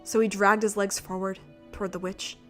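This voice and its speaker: A woman narrating a gothic visual novel in a steady, measured reading voice. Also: mid-range voice, faint music behind. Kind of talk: story narration.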